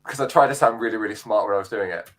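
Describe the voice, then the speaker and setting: A man's voice: fairly low pitch, racing, a bit bright. A man from the UK, chatting casually as a podcast co-host, rambling and correcting himself as he goes.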